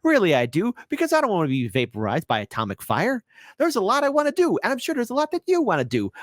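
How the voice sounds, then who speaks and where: Brief: sarcastic political livestream host, man, very animated pitch, dry close sound. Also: fast talker, no echo. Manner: sarcastic, ranting, mocking; swings from shouting to hushed mock-whisper.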